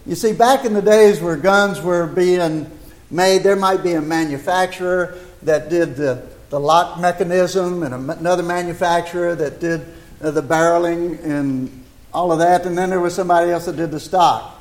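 Folksy older preacher, high voice. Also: male voice, normal speed. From United States. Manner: homespun, chatty, rhetorical questions. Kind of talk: folksy sermon. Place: church. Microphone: microphone.

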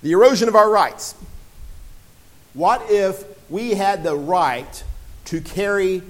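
Conversational man preaching a sermon, a bit higher voice. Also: takes it slowly. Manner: conversational, with frequent restarts and acted-out quotes.

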